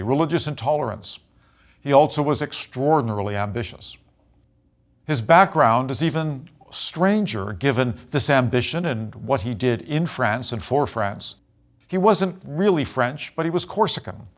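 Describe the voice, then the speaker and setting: A man giving a history lecture in a measured way, pausing with frequent fillers as he talks. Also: medium pitch.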